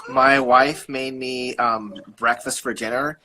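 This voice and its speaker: Bright, easygoing male host. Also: mid-range voice, steady tone, takes it slowly, rough recording. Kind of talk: casual live-stream chat. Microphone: video call.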